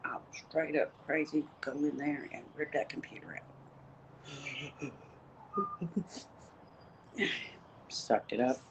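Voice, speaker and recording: Middle-aged woman, phone livestream, casual rambling talk, profane, gravelly fry, noisy stream. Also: sits low, fairly even intonation, takes it slowly, pauses often, highs cut off. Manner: profane, rambling, talks straight to viewers.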